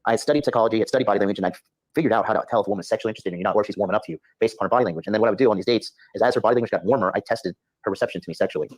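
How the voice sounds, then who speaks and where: Podcast guest, male, rapid storyteller who swears and acts out his thoughts, lowish voice. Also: no room sound, poor audio. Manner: fast, animated, acts out his own inner voice with lots of swearing.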